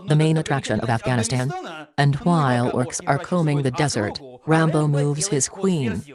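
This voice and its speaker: Snarky reviewer voiceover, middle pitch, slightly broken english, movie clips and crowd noise behind. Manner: sarcastic, mocking commentary. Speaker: film reviewer. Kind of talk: scripted review narration.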